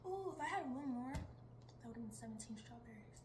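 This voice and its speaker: A teenage girl chats in a rambling vlog, hopping between topics and laughing a lot. Her voice is a little high with lively intonation, she speaks at normal speed, and the background is noisy.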